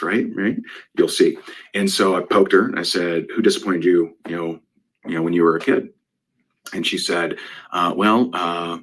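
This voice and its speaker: A man's voice: low-pitched, slightly rough. A man speaking as a guest business coach, telling a client story in a conversational way and often asking "right?".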